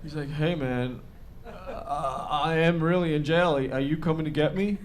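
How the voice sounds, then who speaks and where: A man doing a stand-up comedy set on stage, brash and foul-mouthed, shouting his punchlines. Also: a little high, unhurried, a little hiss or hum.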